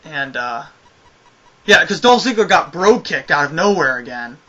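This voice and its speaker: A man's voice: on the high side, sing-song, normal speed, pushed and bright, muffled recording. A man giving a casual spoken review of a wrestling show, ranting with exasperation and a lot of swearing.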